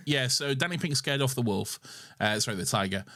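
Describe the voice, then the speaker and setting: A man's voice: medium pitch, lively intonation, normal speed, bright, forceful tone, no room sound, studio quality. A young man co-hosting a podcast, recapping an episode in a casual, swear-filled chat and laughing often. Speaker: podcast co-host.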